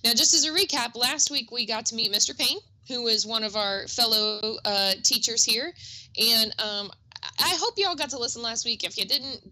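A woman's voice: on the high side, sharp tone, poor audio. A middle-aged woman co-hosting a music teaching podcast, chatty and upbeat with self-deprecating asides. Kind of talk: casual educational podcast chat.

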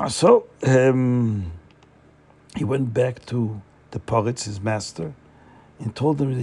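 A man narrates a story in a loose, chatty way, with frequent fillers and restarts. His voice is gravelly and husky, pitched slightly high but dark and mellow in tone. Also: slow. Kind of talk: casual oral storytelling.

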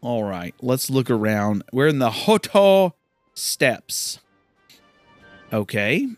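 A man's voice: medium pitch, sing-song, slow pace, dry recording, soft background music. A man giving casual, rambling commentary while playing a video game, often incredulous at what happens. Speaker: gamer. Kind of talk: let's play commentary.

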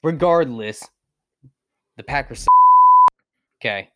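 A man's voice: mid-range voice, expressive, slow pace, no echo, clean studio sound. A man co-hosting a podcast, rambling playfully and swearing about his football picks. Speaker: podcast co-host. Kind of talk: casual sports betting chat.

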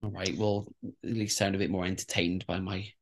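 Giggly chatty British podcast host. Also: male voice, sits low, little pitch movement, fairly quick. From Britain. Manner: giggly, chatty, self-mocking. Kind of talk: casual banter.

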